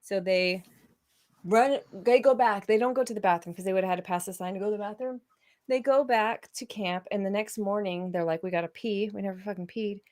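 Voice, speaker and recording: Animated woman telling a story. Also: mid-range voice, brisk. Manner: animated, laughing, swearing freely. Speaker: podcast co-host. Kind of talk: casual storytelling chat.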